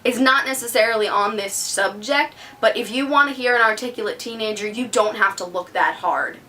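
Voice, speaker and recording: A woman's voice: fairly high pitch, brisk, sharp tone, distant mic. A teenage girl ranting to camera in an indignant, sarcastic, emphatic way. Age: teens. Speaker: vlogger.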